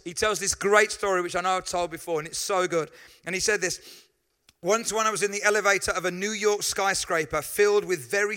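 A man preaching a sermon as pastor, telling lively stories with asides to the congregation. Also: sits high, smooth.

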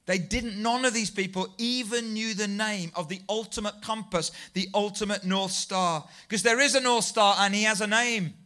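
A man preaching to a congregation, animated and self-deprecating as he tells a story. His voice sits high and sounds bright and ringing. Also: normal speed, hardly any pauses. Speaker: pastor. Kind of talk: sermon.

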